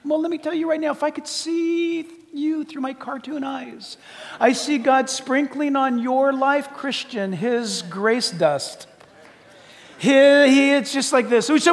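An older man preaching a sermon as pastor, emphatic and shouting at times, then dropping to soft asides. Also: extremely high pitch, animated, unhurried, gravelly, long reverb tail.

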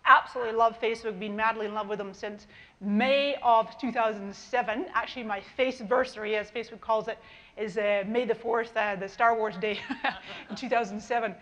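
A middle-aged woman with a Canadian-Scottish accent gives a keynote in a large conference hall. Her voice sits fairly high and she stays enthusiastic and chatty, calling out to the crowd. She speaks into a lapel mic. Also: fairly even intonation, fairly quick, a bit bright, muffled recording. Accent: mixed Canadian and Scottish. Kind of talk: lively conference talk.

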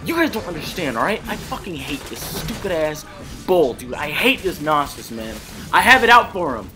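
A man with a high, bright voice calls out a video game from his desk mic, cursing at the enemy and hyping up his team. His pitch leaps wildly between low, grumbling mutters and sharp shouts. Faint game music runs underneath. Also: big pitch swings, normal speed. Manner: trash-talking, profane, hyped, swings between mutters and shouts. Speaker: gameplay streamer. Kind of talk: excited live gameplay commentary. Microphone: desk mic at a gaming setup.

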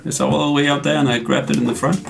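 A man, a game developer, calmly explaining his builds while playing and chatting. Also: fairly high pitch, quick pace. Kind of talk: casual gameplay commentary. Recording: clear background noise.

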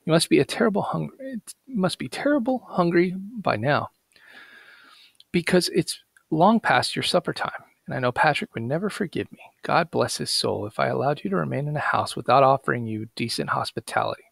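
A man's voice: on the high side, animated, a little fast, creaky, a bit bright, no echo, heavily acted. A man voicing a pleading grieving housewife. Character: grieving housewife, woman, quietly scheming.

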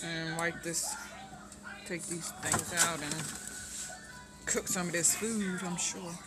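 A woman's voice: fairly low pitch, fairly even intonation, slow pace, over loud music. A woman in her thirties chatting casually through a home vlog, narrating her chores as she goes in her kitchen and laundry room, filmed on a handheld camera. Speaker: family vlogger.

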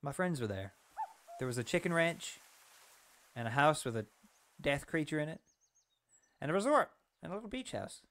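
A young Canadian man streaming a farming game, chatting casually with viewers, excitable and apologetic, sometimes shouting. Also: fairly high pitch, moderate pace, pauses often, slight background noise. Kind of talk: casual live-stream chat. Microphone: desk mic.

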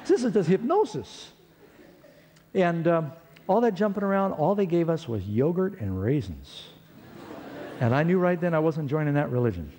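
A man's voice: on the high side, normal speed, breathy edge. A man telling a personal story in a sermon, acting out the quotes of the people in it. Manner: animated storyteller, acts out quotes. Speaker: preacher. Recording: long hall reverb.

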